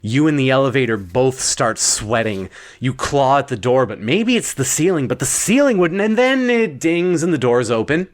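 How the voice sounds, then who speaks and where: A man's voice: medium pitch, normal speed. A man narrating a surreal second-person bedtime story, rambling and wry, often stopping himself mid-thought. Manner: rambling, self-interrupting, wry deadpan asides.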